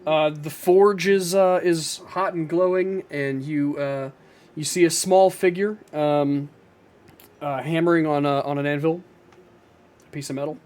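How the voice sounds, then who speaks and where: A man's voice: a little high, steady tone, unhurried, darkish tone. A man narrating as game master of a tabletop game, hesitant with many fillers.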